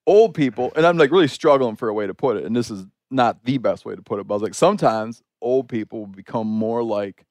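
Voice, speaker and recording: Chatty animated man telling a story. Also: mid-range voice, quick pace, dry recording, clean studio sound. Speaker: podcast host. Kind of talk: casual storytelling conversation.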